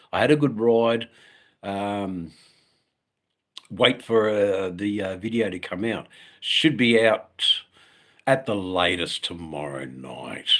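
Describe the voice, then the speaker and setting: A man's voice: sits low, gravelly, fairly bright tone, husky. An Australian man from Western Australia, chatting casually at home on a live stream for his motorcycle channel, rambling with lots of ums and the odd swear word.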